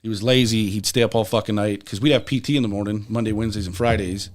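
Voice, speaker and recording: A man's voice: fairly low pitch, steady tone, fast. A young adult man, a podcast guest, telling rambling, profane stories in casual talk. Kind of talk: casual storytelling.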